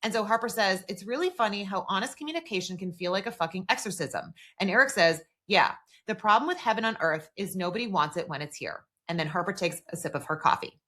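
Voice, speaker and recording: A woman's voice: medium pitch, lively intonation, quick pace, fairly bright tone. A woman co-hosting a podcast, casually recapping a TV episode and retelling scenes by quoting the characters' lines. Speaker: podcast co-host.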